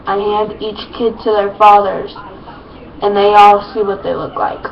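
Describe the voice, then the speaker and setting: A woman's voice: medium pitch, little pitch movement, measured pace, vocal fry. A woman reading her own story aloud in a plain, unpolished way, with small slips and restarts. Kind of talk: reading fan fiction aloud. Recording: muffled lo-fi with faint noise.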